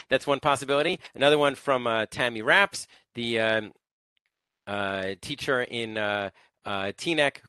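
A man teaching an online class from Israel, talking informally and haltingly, with many fillers and restarts. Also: mid-range voice, bright, forceful tone, dry recording. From lives in Israel.

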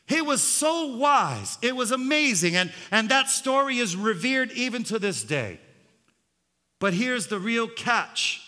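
A man's voice: extremely high pitch, sing-song, a little slow, bright, forceful tone. An older man preaching a fiery sermon as pastor, with hallelujah refrains, in a church sanctuary. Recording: long hall reverb.

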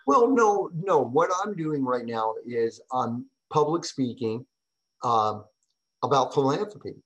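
A middle-aged man, a podcast guest and public speaker, telling stories in a casual interview with an animated, emphatic manner, often asking "right?". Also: mid-range voice, unhurried, dull audio.

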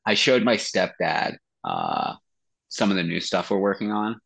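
A man with a somewhat low voice talks about his singing in a relaxed interview. He tells his stories in an animated way and swears freely. His speech is loose and conversational, full of fillers. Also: unhurried, vocal fry, slightly rough. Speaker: band vocalist. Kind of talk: casual interview chat.

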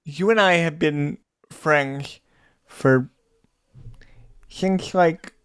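A man hosting an interview talks slowly and deliberately, with long pauses between phrases. His tone stays affirming and friendly toward his guest. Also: on the high side, a bit bright, smooth. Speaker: podcast host. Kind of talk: casual interview chat.

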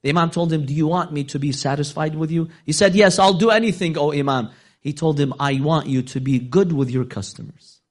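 A man preaching a sermon, telling a story with dramatic swings of pitch and loudness, sometimes slowing into a chanted, half-sung delivery. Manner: storytelling, voicing quoted figures, dramatic rises in pitch.

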